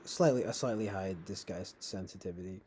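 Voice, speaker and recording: Male livestream host, mellow, halting and rambling, reacting to chat. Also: sits low, slight background noise. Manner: rambling, halting, many restarts and fillers; chuckles often while talking.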